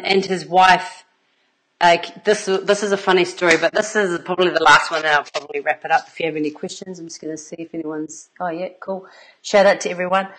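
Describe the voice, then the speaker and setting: A woman's voice: fairly low pitch, fairly bright tone, low-quality recording. A middle-aged woman, an intimacy coach telling stories in a casual livestream, earnest and rambling, with plenty of fillers and laughs between her thoughts.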